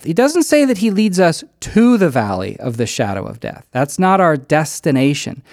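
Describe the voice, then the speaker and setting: Guy preaching, tells a story all animated, plays out the quotes, dry recording. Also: on the high side, moderate pace, no room sound. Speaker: pastor. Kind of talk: sermon with a personal story.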